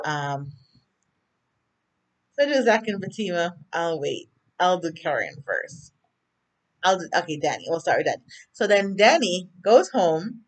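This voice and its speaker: A woman with a Jamaican accent giving a casual, rambling TV episode recap full of fillers and asides to viewers. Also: deep voice. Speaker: TV recap vlogger.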